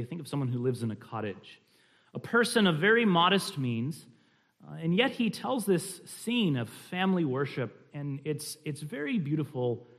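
A man teaching a church class on family worship, talking in a conversational, explanatory way with frequent restarts and fillers. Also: on the high side.

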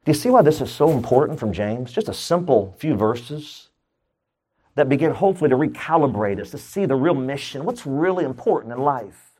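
A middle-aged male pastor preaching a sermon in an emphatic style, with comic asides and sudden jumps up in pitch. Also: sing-song, brisk, darkish tone, breathy edge.

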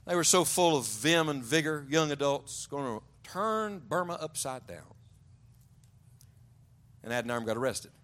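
A man preaching a sermon to young adults, telling stories and often dropping to a hushed, low voice for emphasis. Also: lively intonation, moderate pace, pauses often. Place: large church auditorium.

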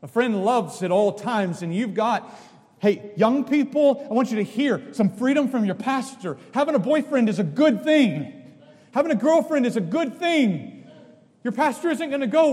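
A middle-aged male pastor delivering a sermon, emphatic, with sudden swings between loud and soft. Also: very high voice, lively intonation, normal speed. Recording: long reverb of a large hall.

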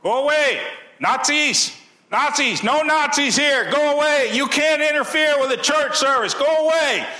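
A man imitating a loud, shouting male pastor with a Russian accent, chasing people out of a church service. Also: measured pace, echoey room, full character voice. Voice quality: loud, shouting, strained high voice.

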